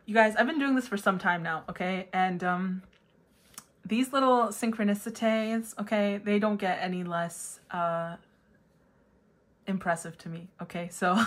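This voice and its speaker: Speaking at a normal speed, a tarot reader offers her viewers a relaxed pick-a-card reading. She is chatty and filler-heavy, occasionally letting out high-pitched squeals of excitement.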